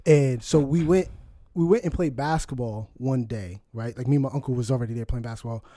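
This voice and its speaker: A young man telling a funny family story on a podcast, animated, often laughing and acting out quotes. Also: mid-range voice, a little fast, no echo, studio quality. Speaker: podcast co-host. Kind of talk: casual storytelling chat.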